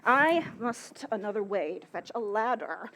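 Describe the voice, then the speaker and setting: A woman's voice: mid-range voice, animated, unhurried, fairly bright tone, a little hiss or hum. A woman playing an older, bawdy, complaining nurse in an outdoor Shakespeare performance, with theatrical groans and exclamations. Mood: teasing. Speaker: stage actor.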